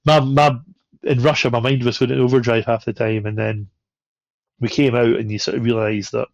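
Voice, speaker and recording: A man's voice: mid-range voice, level tone, moderate pace, creaky, dry recording. A man on a podcast, telling a travel anecdote with swearing and laughter. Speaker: podcast guest. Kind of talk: casual storytelling. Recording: dull, lo-fi sound.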